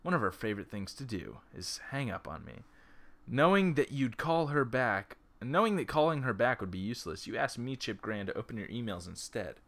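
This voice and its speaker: A man reads an interactive story game aloud and keeps breaking off into joking side comments. His voice is bright and forceful, recorded on a laptop's built-in mic. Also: mid-range voice, very animated, a little fast, vocal fry. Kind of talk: reading a text game aloud with joking asides.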